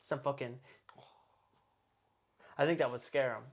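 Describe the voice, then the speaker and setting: A man's voice: mid-range voice, fairly even intonation, unhurried. A man in his twenties hosting a podcast, talking in a casual, profane, rambling way. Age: 20s. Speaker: podcast host. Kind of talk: casual chat.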